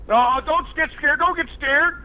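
A man with a very high voice taunts and threatens someone in a mocking prank call. His words come through an old, tinny phone line with a thin, narrow sound. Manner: menacing, mocking, drawn-out taunts. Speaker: prank caller.

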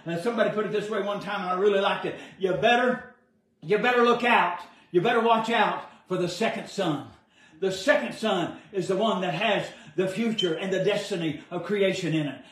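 A man preaching, fervent and loud, breaking into amens and hallelujahs. His voice sits very high. He is picked up from a distance, and the room echoes around him. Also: a little fast. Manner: shouting, exclaiming hallelujah and amen. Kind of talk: fiery preaching sermon. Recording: echoey room, far from the mic.

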